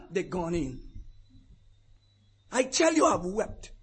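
High-voiced fervent preacher. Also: male voice, huge pitch swings, slow pace, long pauses, husky. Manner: fervent, swinging from hushed asides to shouted declarations. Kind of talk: sermon.

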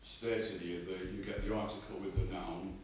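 A man explaining a point in a Bible study discussion in a measured way, stressing key words. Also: sits low, flat delivery, a little hiss or hum. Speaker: Bible reading participant. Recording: distant mic in a very echoey room.

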